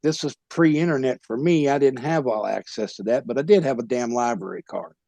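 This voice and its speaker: A former pro wrestler telling a rowdy, profane story as a podcast guest. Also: male voice, mid-range voice, brisk, vocal fry, no room sound. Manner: profane, loud tall-tale telling. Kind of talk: animated comic storytelling.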